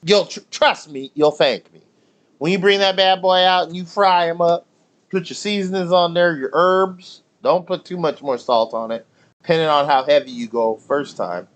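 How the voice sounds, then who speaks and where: A young man telling stories during a casual live stream with loud slangy banter, drinking while he talks at home. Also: on the high side, normal speed, muffled recording. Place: home, near the grill.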